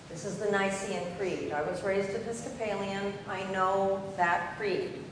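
A woman's voice: mid-range voice, steady tone, unhurried, hardly any pauses. Woman preaching in church, earnest, keeps repeating lines, long echo, faint room hum. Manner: earnest, emphatic, repeats phrases. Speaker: congregational life staff leader. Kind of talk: sermon. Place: church sanctuary. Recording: echoey hall, distant mic.

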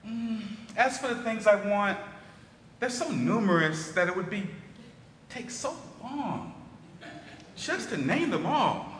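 A gushing, dreamy orphan girl, acted out by a man, her voice leaping very high and swooping wildly. She talks breathlessly in eager rushes. It rings through a big echoing church hall with a long reverb tail. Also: a bit bright, a little hiss or hum. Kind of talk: dramatic reading in a service.

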